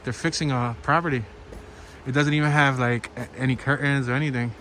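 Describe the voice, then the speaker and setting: A man's voice: mid-range voice, fairly even intonation, fairly quick, a bit bright. A man with a Philadelphia accent narrating a walking tour outdoors, chatting with viewers and thinking aloud as he strolls. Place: outdoors on a small-town street, walking. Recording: noisy outdoor walk with stream and traffic. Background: flowing stream and passing traffic.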